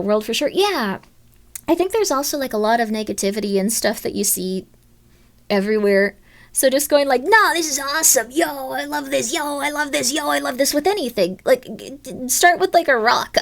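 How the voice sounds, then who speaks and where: A woman streamer chatting casually with her viewers, rambling and upbeat, with lots of fillers and restarts, jumping high into excited quoted voices. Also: fairly quick.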